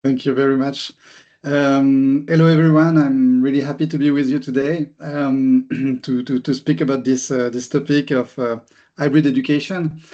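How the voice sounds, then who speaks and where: French-accented male CEO, halting webinar talk, slightly muffled video call sound. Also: medium pitch, level tone, dark tone. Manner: hesitant, repeats words, many fillers. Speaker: company CEO presenting. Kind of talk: webinar presentation.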